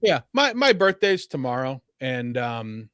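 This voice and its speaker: A man's voice: mid-range voice, sing-song, a little slow, fairly bright tone, clear, resonant tone, dry recording. A man in his mid-forties, co-hosting a podcast with laid-back, dry comebacks. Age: 40s. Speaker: podcast co-host. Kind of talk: casual podcast banter. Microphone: wearing headphones.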